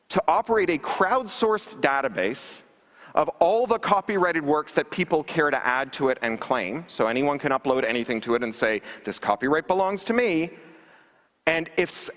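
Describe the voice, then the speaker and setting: Here the keynote speaker has a fairly high, fairly bright voice. Standing on a big conference hall stage, he mixes wry sarcasm with constant ums and false starts, and the large space gives him a long reverb.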